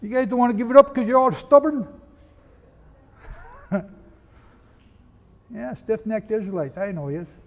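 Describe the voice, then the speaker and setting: A man's voice: very high-pitched, normal speed, long pauses. A man preaching and teaching, reading from old histories and firing questions at his listeners. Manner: emphatic, asks the audience questions. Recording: long reverb.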